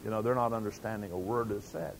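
A man's voice: fairly low pitch, fast, creaky, a little hiss or hum, poor audio. Older man preaching a folksy sermon. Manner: folksy storytelling with acted quotes.

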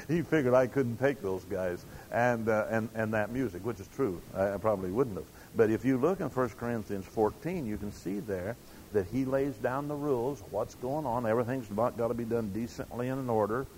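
A man's voice: mid-range voice, brisk, darkish tone, slight background noise, rough recording. An older man preaching a sermon, telling stories in a folksy way and acting out quotes. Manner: folksy storytelling with acted quotes.

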